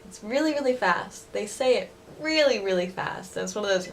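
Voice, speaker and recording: A young woman talks through words in a relaxed, chatty lesson, with frequent laughs and fillers. Her pitch sits in a middle range. A faint rumble runs under the recording. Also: moderate pace, gravelly, few pauses. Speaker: language teacher vlogger. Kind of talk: casual language lesson. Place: living in Osaka.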